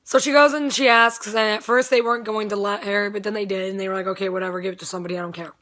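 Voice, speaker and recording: Young woman rambling thru a story, swears a lot, voice kinda strained, middle pitch. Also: fairly even intonation, rapid-fire, fairly bright tone. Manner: rambling, swears freely, laughs often. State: voice strained, not at full strength. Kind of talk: casual storytelling vlog.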